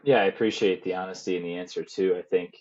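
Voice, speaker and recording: Male podcast host, very deep voice, encouraging, muffled lo-fi audio. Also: fairly even intonation, quick pace, darkish tone. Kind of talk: interview talk. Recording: dull lo-fi sound.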